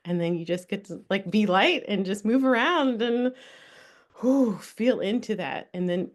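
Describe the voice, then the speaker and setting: A young woman with a mid-range, unhurried voice hosts a spiritual workshop. She talks casually, laughs often and swears freely while leading a breathing exercise in this relaxed live session.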